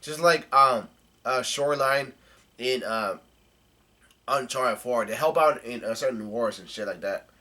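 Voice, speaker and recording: A man giving a casual, halting recap of a comic chapter, with salty language. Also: medium pitch, bright, forceful tone. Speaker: manga chapter reader.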